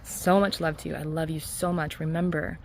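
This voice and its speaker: A woman hypnotherapist talking casually in a self-help vlog, earnest and encouraging, with soft laughs. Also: deep voice, fairly even intonation, moderate pace, a little hiss or hum. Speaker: hypnotherapist and mindset coach.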